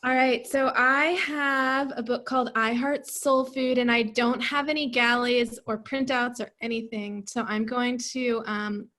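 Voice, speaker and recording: A woman book editor presenting a cookbook on a video call, unhurried, with many fillers. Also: a little high, steady tone, fairly bright tone. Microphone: computer mic on a video call.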